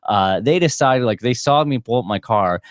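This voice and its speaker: A man's voice: medium pitch, lively intonation, normal speed, no room sound, clean studio sound. A man hosting a podcast in casual chat, rambling and profane with lots of fillers. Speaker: podcast host. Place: small podcast studio.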